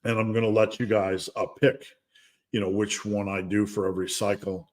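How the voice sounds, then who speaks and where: A man's voice: lowish voice, flat delivery, normal speed. A middle-aged man hosting a casual fitness livestream Q&A, chatty and rambling, with asides and laughs. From United States. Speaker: fitness coach and livestream host.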